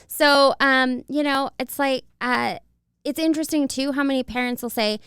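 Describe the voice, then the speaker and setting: A woman's voice: high voice, steady tone, normal speed, fairly bright tone, clean tone, no room sound, studio quality. A young woman, a family photographer, chatting in an interview, fond and laughing often as she talks about children. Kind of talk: casual interview chat.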